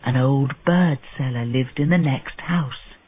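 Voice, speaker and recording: A man telling a story in slow, deliberate audiobook narration for English learners. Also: mid-range voice, narrow, tinny audio. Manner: clear, deliberate phrasing.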